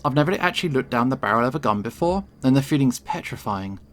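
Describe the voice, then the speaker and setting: A man's voice: medium pitch, expressive, fast talker, a bit bright. A man reading a visual novel aloud in first person, with dramatic expression. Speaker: game reader.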